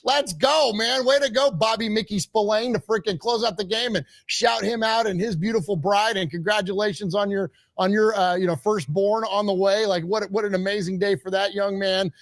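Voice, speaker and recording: Excited man with a bright high voice. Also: moderate pace, gravelly, hardly any pauses, dry recording, clean studio sound. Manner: excited, emphatic fan energy. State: out of breath. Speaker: co-host. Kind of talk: live postgame sports talk.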